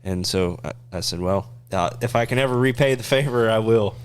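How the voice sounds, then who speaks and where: Low-voiced man telling a racing story. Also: a little fast, smooth. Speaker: podcast co-host and racer. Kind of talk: casual chat.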